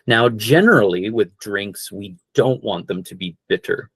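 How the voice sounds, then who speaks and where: A man teaching an online English class, slowly repeating each word and checking in with "okay?". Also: fairly low pitch, fairly bright tone, slightly rough, no echo. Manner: slow, repeats words for practice, frequent "okay?".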